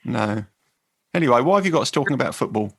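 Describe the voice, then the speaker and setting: A man's voice: mid-range voice, expressive, quick pace, creaky. A man co-hosting a podcast, teasing his partner with dry, leading questions in casual chat. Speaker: podcast co-host.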